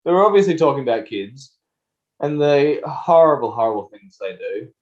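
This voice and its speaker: A man's voice: medium pitch, animated, moderate pace, darkish tone. Wry man, dull lo-fi sound. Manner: wry, teasing banter. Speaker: podcast co-host. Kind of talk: casual chat. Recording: dull lo-fi recording.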